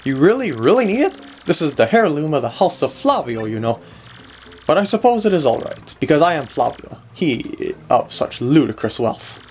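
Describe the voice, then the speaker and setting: A man's voice: on the high side, big pitch swings, normal speed, a little hiss or hum. A man reading a game's dialogue aloud, voicing a pompous, wealthy nobleman who is haughty, scornful and grandiose.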